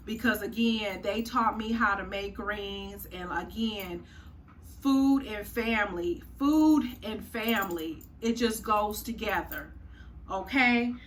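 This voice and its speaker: A woman's voice: mid-range voice, fairly bright tone, roomy sound. Chatty woman cooking, distant mic. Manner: chatty, folksy, says y'all and honey. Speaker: cooking channel host. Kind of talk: casual cooking tutorial. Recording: distant mic, faint room noise.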